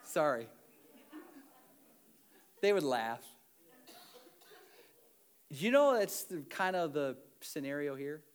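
A male pastor preaching an animated sermon, swinging between loud urging and hushed earnestness, with self-deprecating humor. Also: on the high side, slow pace, pauses often, clean tone.

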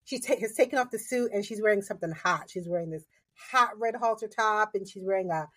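A woman's voice: medium pitch, fast talker. A woman co-hosting a casual podcast, playfully recapping an episode and quoting the characters. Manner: playful, laughs often, quotes characters. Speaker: podcast co-host.

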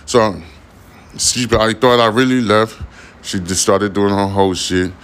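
A man's voice: on the low side, normal speed, a bit bright. A young man hosting a podcast, rambling casually in a profane, slang-heavy monologue. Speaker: podcast host.

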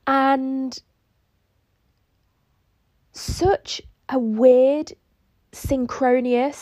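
A woman's voice: a little high, warm tone, no echo. A woman hosting a solo podcast, telling a personal story in a reflective, rambling way that includes her own inner dialogue. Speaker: podcast host.

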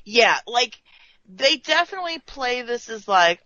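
Woman co-host, bright animated voice, unhurried, slightly dull lo-fi mic. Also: sits high, dry recording. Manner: laughing, animated, opinionated. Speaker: podcast co-host. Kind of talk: casual chat.

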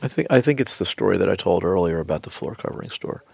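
Gravelly-voiced man telling a story. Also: low-pitched, quick pace, no room sound. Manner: animated storyteller acting out quoted dialogue. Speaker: podcast guest, business executive. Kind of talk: storytelling in casual interview.

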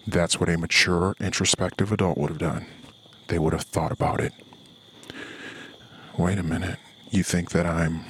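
A man's voice: low-pitched, gravelly, fairly bright tone, a little hiss or hum. A middle-aged man, a podcast host, ranting in a profane personal monologue. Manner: profane, ranting, with heated quoted asides.

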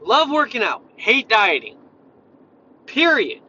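A man's voice: extremely high pitch, wildly swooping pitch, slow, sharp tone, husky, highs cut off. A man who is a fitness coach, ranting bluntly and swearing a lot in casual talk, jumping from point to point. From Tennessee, USA. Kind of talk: profane casual rant.

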